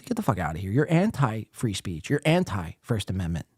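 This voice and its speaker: A man's voice: on the low side, big pitch swings, a little fast, husky, no echo, clean studio sound. A man hosting a live podcast, ranting profanely and sarcastically at other show hosts. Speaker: podcast host.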